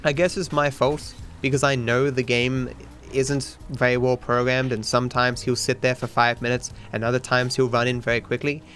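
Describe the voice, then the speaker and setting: A man's voice: medium pitch, little pitch movement, normal speed, hardly any pauses, fairly bright tone, faint music behind. A young Australian man in his twenties who chats casually with viewers while speedrunning, rambling and swearing freely. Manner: rambling, sweary, talks to chat. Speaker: streamer and speedrunner. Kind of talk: casual chat while gaming.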